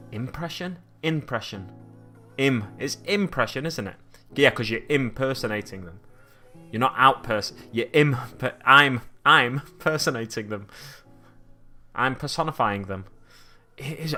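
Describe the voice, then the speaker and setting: Bright-voiced chatty male streamer. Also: medium pitch. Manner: chatty, rambling, reads chat aloud and muses. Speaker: miniature-painting streamer. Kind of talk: casual live-stream chat. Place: home hobby desk.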